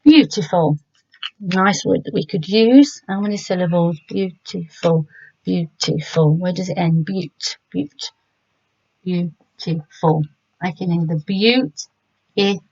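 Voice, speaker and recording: A middle-aged English woman, a primary school teacher, giving a remote lesson to children and sounding words out slowly and gently. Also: lowish voice, no room sound, highs cut off.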